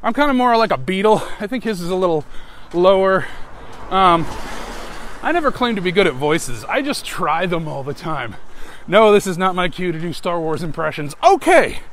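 A man's voice: high-pitched, very animated, normal speed, a bit bright. An American man hosting an improvised podcast, rambling and irreverent, with frequent swearing. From United States. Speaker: podcast host. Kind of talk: improvised casual monologue.

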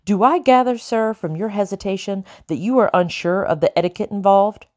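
A woman reading the part of an imperious, sharp-tongued colonial lady who speaks crisply and coldly in an audiobook. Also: medium pitch, fairly quick, pitched above the performer's own voice, close to an everyday voice. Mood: haughty. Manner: crisp, cold, demanding.

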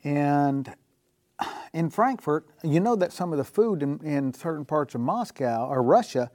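A man with a slightly higher voice tells a personal faith story in an easy, chatty way, laughing softly at his own punchlines. His voice sounds close and dry, with no room around it. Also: animated, unhurried, dry recording. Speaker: guest telling faith stories. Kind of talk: casual storytelling.

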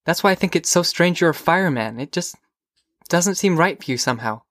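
A dreamy, teasing teenage girl, as a male narrator lifts his voice for her, asking question after question in quick, lilting bursts. The voice sits higher than the reader's own and sounds close and dry, with no room around it. She comes across as an odd, gentle character from a storybook. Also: lively intonation, no echo. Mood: wondering. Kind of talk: audiobook character voice.

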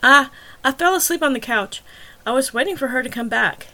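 A woman's voice: high-pitched, brisk, bright, forceful tone, pitched above the performer's own voice, poor audio. A woman reading as a flustered young suspect. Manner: flustered, insistent, pleading innocence. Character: confused, earnest young man under suspicion.

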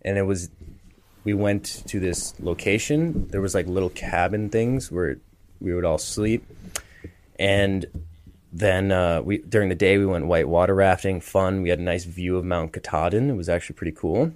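A man's voice: low-pitched, moderate pace, a little mellow, dry recording. A young man in his twenties telling stories in a loose, laughing way, full of fillers, during a casual chat. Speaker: podcast co-host, former college hockey player.

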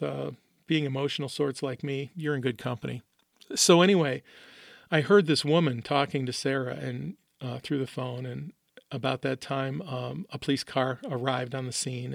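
A man's voice: medium pitch, gravelly, no echo, studio quality. A middle-aged man from the American Midwest, hosting a podcast and telling a personal story in an earnest, openly emotional way. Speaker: podcast host. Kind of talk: personal monologue.

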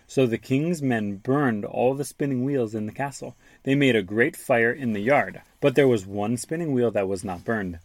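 A father reads a children's storybook aloud to his son, gently stopping to explain words. His voice sits at an ordinary middle pitch. The sound is dry and close, with no room echo. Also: moderate pace, few pauses. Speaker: father reading to his child, podcast host.

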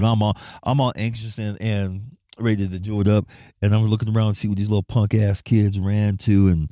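A man from Flagstaff, Arizona, with a somewhat low voice and a dry, close sound holds forth on his podcast. He is blunt and profane, gets animated, and laughs often as he talks. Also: dry recording. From Flagstaff, Arizona, USA. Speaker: podcast host. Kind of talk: casual monologue.

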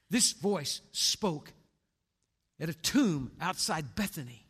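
High bright-voiced preacher in a reverberant church. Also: male voice, expressive, slow, husky. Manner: dramatic swings between hushed and booming delivery. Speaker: pastor. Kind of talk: sermon. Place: church sanctuary. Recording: long hall reverb.

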